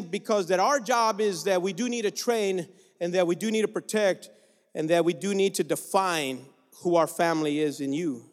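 A male guest preacher delivering an exhorting sermon, calling out to the congregation in a church sanctuary. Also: sits high. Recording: long reverb of a large room.

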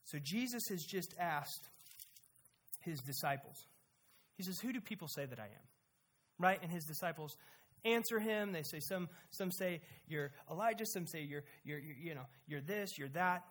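A preacher giving a sermon with emphasis, asking the listeners rhetorical questions and shifting between quiet and loud delivery. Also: mid-range voice, normal speed, slight background noise.

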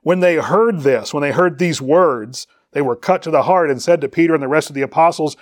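This man speaks fairly quickly with few pauses, his voice fairly high in pitch, as he preaches a sermon. He reads scripture aloud, explains its Greek words and rises in emphasis on questions, recorded dry at studio quality.

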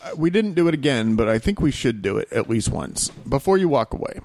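A man hosting a casual podcast chat with friends, relaxed and swearing freely. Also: medium pitch, brisk. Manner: laid-back, swears freely. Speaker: podcast host.

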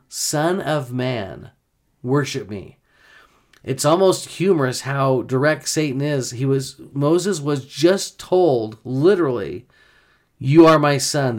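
Male podcast host, earnest scripture teacher, slows on key words. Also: medium pitch, a little mellow. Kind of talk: gospel discussion podcast.

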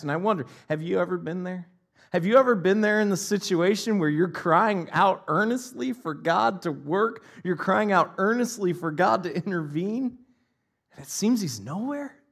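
A male pastor preaching a sermon, swinging between loud impassioned cries and hushed, almost whispered lines. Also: sits high, moderate pace, gravelly.

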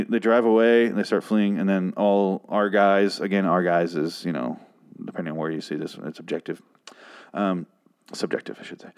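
A man casually recapping a TV episode, ranting angrily and profanely, often restarting his sentences. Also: lowish voice. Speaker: TV episode reviewer.

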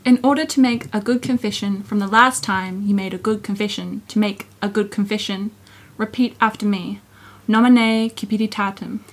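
A woman recites formal, confession-style instructions in a calm, even, liturgical manner. Her voice is husky and mid-pitched. She keeps each line steady and deliberate. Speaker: assisting reader.

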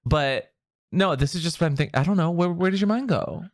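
A man co-hosting a casual chat, playful and teasing, quick to crack jokes. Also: on the high side, no room sound, clean studio sound. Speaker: podcast co-host and online content creator.

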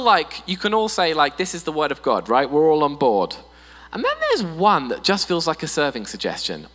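A man preaching a sermon in a church hall, animated and playful, often putting on voices for humor. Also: a little high, moderate pace. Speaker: pastor. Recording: long reverb in a hall with mains hum.

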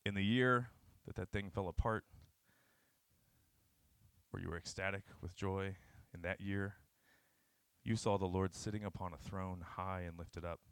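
A young man giving an informal, earnest sermon that retells scripture. He swings between sudden shouted bursts and low, quiet passages. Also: steady tone, unhurried, pauses often, clear, resonant tone, no echo.

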